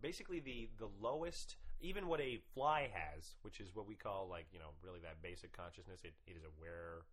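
A man's voice: low-pitched, a little fast, low-quality recording. Podcast guy, swears a lot, rants, voice all over the place. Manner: animated, profane, ranting. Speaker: podcast host. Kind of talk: casual podcast chat.

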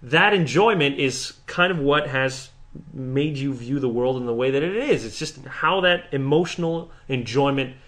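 A man's voice: medium pitch, animated, moderate pace, a bit bright. A man co-hosting a podcast in casual chat, rambling and profane, restarting sentences often. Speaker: podcast co-host.

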